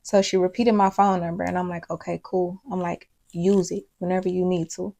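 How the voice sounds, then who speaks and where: A young woman tells her viewers a personal story. Her voice is gravelly, and her delivery is rambling and emotional. She keeps to a casual, chatty tone. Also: fairly low pitch, level tone, a little fast, mellow. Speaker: storyteller vlogger.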